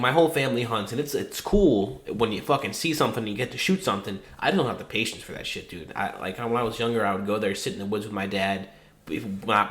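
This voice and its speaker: The young co-host's voice is fairly low and fairly bright as he spins loose, profane stories on the podcast, laughing as he goes. A roomy echo surrounds the recording.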